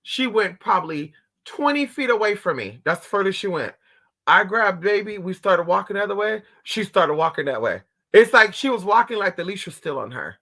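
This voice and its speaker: A man casually telling a story to his viewers, animated and profane, calling them honey and girl. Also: sits high, fairly quick. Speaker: vlogger.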